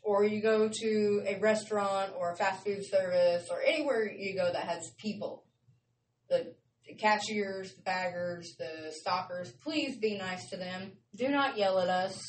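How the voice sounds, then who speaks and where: A woman's voice: mid-range voice, measured pace, far from the mic. A woman hosting her show in a casual, rambling, chatty way, often laughing. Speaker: show host. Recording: roomy sound from off-mic with faint noise.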